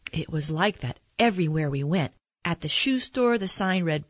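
A woman reading a children's picture book aloud in a gentle, expressive storytelling manner. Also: lowish voice, moderate pace, dry recording, muffled recording. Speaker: narrator.

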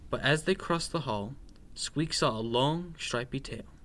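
A man reading a children's picture book aloud in an expressive, playful, sing-song way. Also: mid-range voice, a little slow. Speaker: storyteller.

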